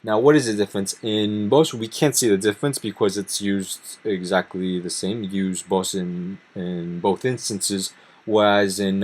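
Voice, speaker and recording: In this slide-based grammar lesson, the teacher, a man with a fairly low and somewhat mellow voice, breaks the material down step by step. He methodically alternates English explanations with Spanish example sentences read aloud.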